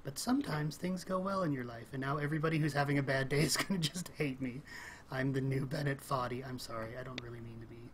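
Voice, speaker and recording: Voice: medium pitch, fairly even intonation, quick pace, a little hiss or hum. A gamer giving casual, rambling commentary while playing, thinking aloud with frequent little laughs and exclamations. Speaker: let's play gamer.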